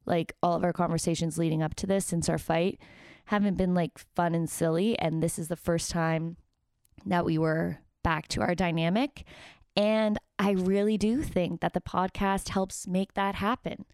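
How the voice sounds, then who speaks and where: A woman in her thirties talks straight into a close mic, chatty and candid, and she swears without a second thought. Her voice sits a little low and comes through smooth and clear in a dry, dead room. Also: fairly even intonation, moderate pace, a little mellow, no room sound. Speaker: podcast host. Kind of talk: casual podcast monologue.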